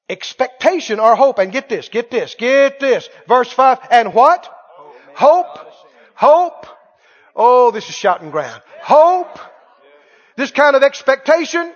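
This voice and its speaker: Male pastor, very high voice, preaches hard and repeats himself; muffled sound, big reverberant sanctuary. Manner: emphatic, repeating phrases, shouting at peaks. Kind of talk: sermon. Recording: dull lo-fi sound with long hall reverb.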